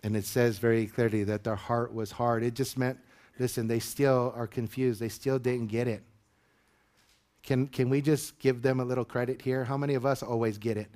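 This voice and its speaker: A man preaching a sermon as a pastor, chatting loosely and then rising to high, emphatic peaks. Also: steady tone, moderate pace, a little mellow.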